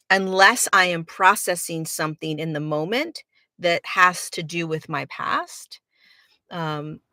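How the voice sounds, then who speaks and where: Earnest woman with a bright, dry voice. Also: on the low side, no room sound. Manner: earnest, repeats words for emphasis. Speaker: spiritual teacher and podcast host. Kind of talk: reflective podcast monologue.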